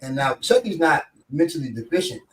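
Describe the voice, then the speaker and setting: A man, telling a story in casual talk and acting out quotes with big pitch jumps. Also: sing-song, fairly quick, fairly bright tone, recorded from a distance, a little hiss or hum. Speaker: show instructor telling a story. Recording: echoey room, voice off-mic.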